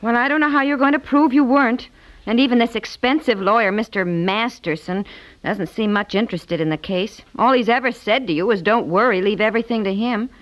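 An actress playing a brisk, chatty wife in a 1950s radio comedy. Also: female voice, fairly high pitch, natural voice, poor audio. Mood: coaxing. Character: practical chatty young wife.

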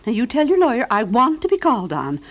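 An actress playing a talkative, sentimental elderly aunt in a 1950s radio comedy. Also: female voice, fairly high pitch, wildly swooping pitch, quick pace. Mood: doting. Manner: chattering, sentimental, theatrical. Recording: dull old radio broadcast.

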